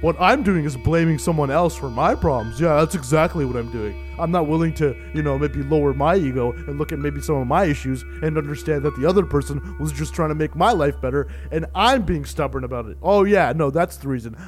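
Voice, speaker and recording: A man with a notably high-pitched speaking voice trades jokey banter on a casual podcast. He slips into drawn-out sarcastic rants that drip with mock bitterness. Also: soft background music. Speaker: podcast co-host. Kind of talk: casual chat.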